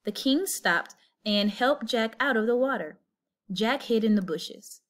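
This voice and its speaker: A woman reading a children's picture book aloud, with an expressive story-telling lilt. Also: on the high side, unhurried. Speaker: storybook reader.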